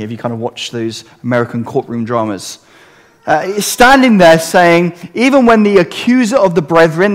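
A man preaching a sermon in an earnest, conversational way, asking rhetorical questions of his congregation. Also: a little high. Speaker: pastor. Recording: long hall reverb.

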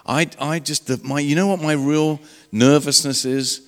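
A man's voice: a little high, steady tone, normal speed. A man telling his own story in a sermon, conversational, with restarts and asides. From England. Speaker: preacher. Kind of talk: sermon testimony. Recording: long reverb of a large hall.

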